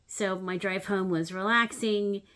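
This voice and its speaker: A woman's voice: mid-range voice, unhurried. Chatty middle-aged woman telling a story. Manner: animated storyteller, swings between loud acted-out moments and soft asides; chatty with frequent "um" fillers. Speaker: needlework channel host. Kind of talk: casual vlog storytelling.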